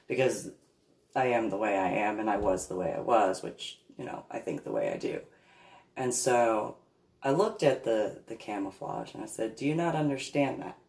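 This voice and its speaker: A woman from New Jersey telling a rambling personal story in a halting, digressive way, with many restarts. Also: very deep voice, vocal fry, darkish tone. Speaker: reverend recounting memories. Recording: echoey room.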